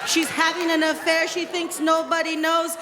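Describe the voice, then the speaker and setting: A woman's voice: very high voice, completely flat delivery, moderate pace, very noisy. A woman performing stand-up comedy, bluntly acting out stories about her mother. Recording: live club, loud crowd, reverb.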